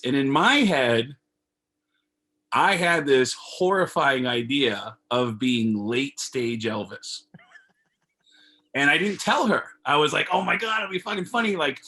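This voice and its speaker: Guy comic on a video call, medium voice, telling a wild story with lots of swearing. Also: mid-range voice. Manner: animated, profane, acts out dialogue. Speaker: comedian guest. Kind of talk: casual storytelling.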